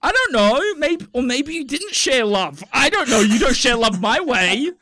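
A man in his thirties co-hosting a podcast in casual, joking chat, swinging between loud bursts and mumbles. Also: very high voice, sing-song, normal speed, no room sound. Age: 30s. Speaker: podcast co-host.

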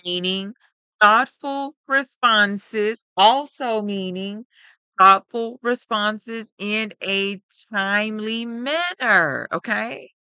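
A woman's voice: mid-range voice, drawn-out words, bright, forceful tone, clear, resonant tone, no room sound. A woman co-hosting a podcast in casual, upbeat chat, laughing often and speaking with emphasis. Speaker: podcast co-host.

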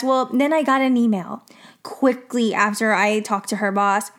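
Young woman vlogger, a bit high, chatty storytime with lots of "like", swears freely. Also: fairly even intonation, moderate pace, a bit bright. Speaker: vlogger telling a work story. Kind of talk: casual storytime monologue.

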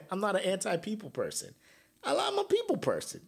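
A man's voice: sits high, wildly swooping pitch, moderate pace, vocal fry, slightly rough. A man hosting a casual solo podcast, joking and trash-talking with frequent laughs. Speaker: podcast host.

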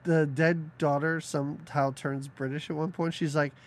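A man co-hosting a podcast, chatting casually about a film with animated, sarcastic asides and frequent laughter. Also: fairly high pitch, moderate pace. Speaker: podcast co-host. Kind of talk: casual movie-review chat.

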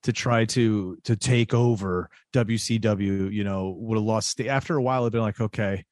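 A man co-hosting a casual wrestling chat, talking in quick animated bursts with frequent restarts. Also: lowish voice, no room sound. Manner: animated, restarts often, slips into comic voices.

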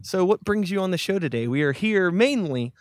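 A man hosting a casual podcast from a rooftop outdoors, relaxed and rambling, joking at his own expense. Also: sits high, a little fast, no echo. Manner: relaxed, rambling, self-deprecating. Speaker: podcast host. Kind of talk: casual chat. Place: rooftop outdoors over a city.

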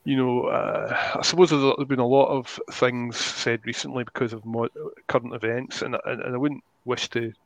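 A man's voice: medium pitch, fairly even intonation, moderate pace, vocal fry, few pauses, no echo, poor audio. A man who is a guest creator, talking in a rambling, casual way on a podcast and often searching for his words.

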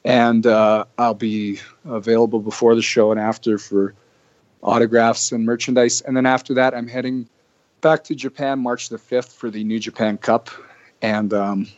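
A man's voice: medium pitch, fairly even intonation, normal speed, no echo. A young man from Canada, a podcast guest telling stories casually, rambling with restarts. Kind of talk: casual storytelling. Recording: dry muffled lo-fi audio.

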